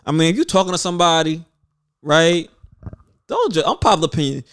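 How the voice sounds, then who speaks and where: A man's voice: a little high, sing-song, fairly quick, a bit bright, clean tone. A man co-hosting a casual podcast, telling stories in loose slang with mock outrage. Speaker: podcast co-host.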